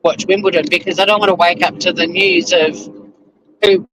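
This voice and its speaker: A man's voice: high voice, steady tone, moderate pace. A Tasmanian man with an Australian accent, chatting casually on a live stream as he drives to work, rambling with lots of fillers. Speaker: YouTuber reacting live while driving to work. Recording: faint car road noise.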